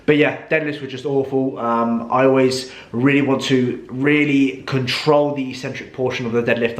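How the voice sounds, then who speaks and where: A young man chatting casually as a fitness vlogger, swearing freely and ranting loudly. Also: mid-range voice. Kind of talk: casual vlog chat. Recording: echoey room.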